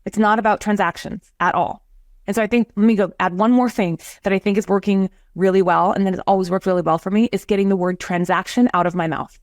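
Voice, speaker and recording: A woman's voice: mid-range voice, fairly even intonation, fast, darkish tone, no room sound, studio quality. A woman who works as a real estate agent and hosts a show, chatting casually and telling stories with acted-out quotes. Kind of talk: casual livestream chat.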